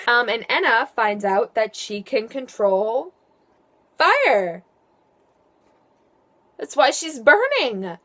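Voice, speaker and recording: A woman's voice: on the high side, big pitch swings, takes it slowly, long pauses, fairly bright tone. A teenage girl chatting casually about her favourite books in a vlog, with playful, sarcastic asides. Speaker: book vlogger. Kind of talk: casual book review vlog.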